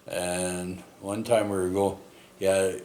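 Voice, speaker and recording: A man's voice: low voice, level tone, slow, darkish tone. A man telling a long personal story in a rambling way, full of fillers and tag questions. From Canada. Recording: echoey room, faint ambient noise.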